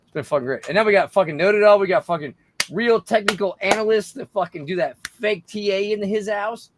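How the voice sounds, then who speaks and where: A man's voice: high voice, brisk, background noise. A tipsy man hosting a casual livestream, rambling and swearing between laughs. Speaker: livestream host.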